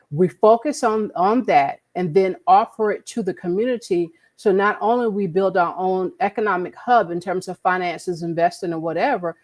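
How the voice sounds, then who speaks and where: A woman co-hosting a podcast talks in casual conversation with an earnest, preachy tone, repeating words to drive her point home. Her voice is lowish and a little mellow.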